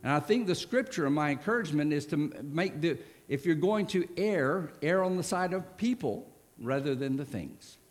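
A man's voice: fairly high pitch, lively intonation, moderate pace, hardly any pauses. A man preaching a sermon in a church, talking in a conversational way and often restarting his phrases. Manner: conversational, with frequent restarts and asides.

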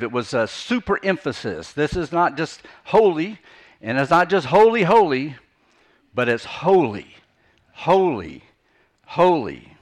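A man preaching an unscripted teaching sermon, earnest, often repeating phrases for emphasis and restarting his sentences. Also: fairly high pitch. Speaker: pastor.

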